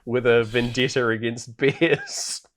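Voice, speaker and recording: A man's voice: medium pitch, takes it slowly, fairly bright tone. A man co-hosting a podcast, casually recapping a film with lots of ums and little laughs. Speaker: podcast co-host. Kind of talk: casual chat.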